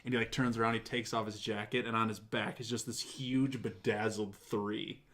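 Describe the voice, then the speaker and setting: A man hosting a casual talk show, retelling events in an animated, profane way and mimicking the people he quotes. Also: on the low side, moderate pace. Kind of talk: casual chat.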